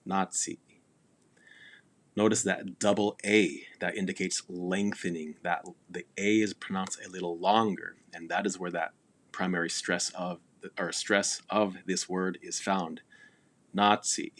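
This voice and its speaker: Slow, deep-voiced man teaching a language. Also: fairly bright tone. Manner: patient, repeats words slowly for pronunciation drills. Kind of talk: recorded language lesson review.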